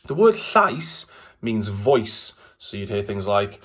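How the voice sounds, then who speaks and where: A man with a Welsh accent teaching a language lesson in a relaxed, chatty way, often pausing with ums and uhs. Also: lowish voice, husky. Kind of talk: casual explanatory language lesson.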